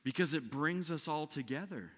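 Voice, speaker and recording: A man's voice: a little high, expressive, moderate pace, long reverb tail. A man preaching a sermon as pastor in a conversational way, often asking "right?" and restarting his sentences. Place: church sanctuary.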